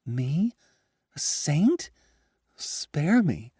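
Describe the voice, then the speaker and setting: A man's voice: lowish voice, expressive, normal speed, warm tone, no echo, studio quality. A man voicing an earnest woman doctor. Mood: alarmed. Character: female doctor, adult, earnest and composed.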